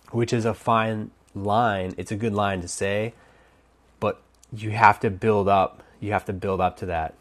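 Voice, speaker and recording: A man coaching on dating, giving casual advice while thinking aloud, with many restarts and fillers. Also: on the low side. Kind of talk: casual instructional talk.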